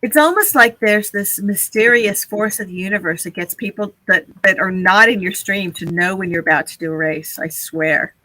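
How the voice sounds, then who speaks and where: A woman's voice: mid-range voice, normal speed, bright, forceful tone, no echo, poor audio. A woman hosting a casual live stream, chatty and laughing often as she talks to her viewers.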